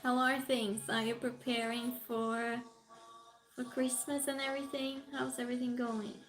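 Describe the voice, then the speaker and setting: A woman's voice: a little high, flat delivery, normal speed, faint music behind, low-quality recording. A woman hosting a casual livestream, chatting and giggling as she greets viewers and reads their comments aloud. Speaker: livestream host. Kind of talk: casual stream chat, reading out viewer comments.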